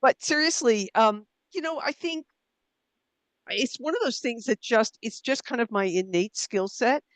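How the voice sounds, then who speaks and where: A middle-aged author and writing coach answers interview questions in a conversational setting. Her voice is fairly high, unhurried and fairly bright, with no echo. She's thoughtful and self-deprecating, using fillers and restarts.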